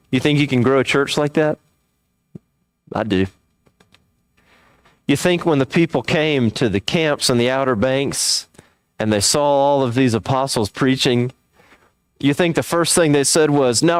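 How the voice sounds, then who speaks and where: A man giving a church seminar talk, animated and humorous, acting out little dialogues. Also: mid-range voice, no echo.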